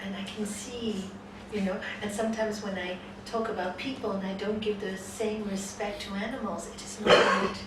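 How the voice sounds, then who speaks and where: A woman's voice: medium pitch, normal speed, few pauses. Woman teacher in an echoey hall. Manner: animated storyteller, acts out the voices in her story. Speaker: yoga teacher. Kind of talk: spiritual talk with storytelling. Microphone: distant room mic. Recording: echoey hall from far off, noisy ambience.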